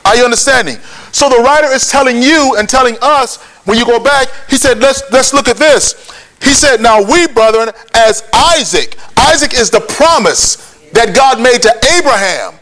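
A man's voice: very high-pitched, animated, normal speed, a bit bright. A man preaching a sermon, prodding his listeners with questions and pushing them to answer back. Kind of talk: sermon with call and response.

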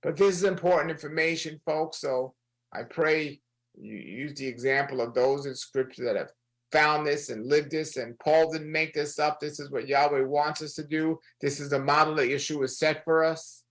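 Earnest gravelly man leading prayer. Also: on the high side, steady tone, fairly bright tone, rough recording. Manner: earnest, repeats phrases, slows for emphasis. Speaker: prayer leader. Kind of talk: sermon-style prayer broadcast.

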